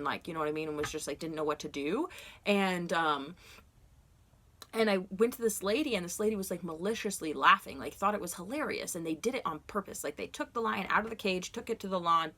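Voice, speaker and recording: A woman telling a long story from her dream journal in a casual, rambling way, full of "like" and "you know," and getting animated as she goes. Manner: animated, gets loud and high when retelling confrontations.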